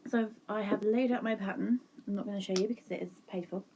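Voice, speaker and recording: A woman's voice: mid-range voice, steady tone, quick pace, warm tone, slight background noise. A woman chatting casually to her viewers in a crafting vlog, chatty and self-mocking, sitting at home. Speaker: vlogger. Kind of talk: casual chat.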